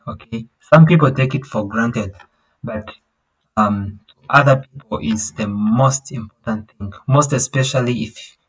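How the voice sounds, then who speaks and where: A man teaching an online language class at an unhurried, drawn-out pace. He explains patiently, repeats himself, and sings out long vowels to show how each tone rises or falls. He often pauses, restarts and hunts for words. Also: medium pitch, a bit bright, poor audio. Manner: halting, with many fillers and restarts. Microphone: video call.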